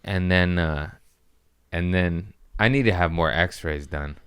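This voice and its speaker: A man hosting a comedy podcast, telling a story casually, profane and animated, acting out the people he quotes. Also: deep voice, slow, clear, resonant tone.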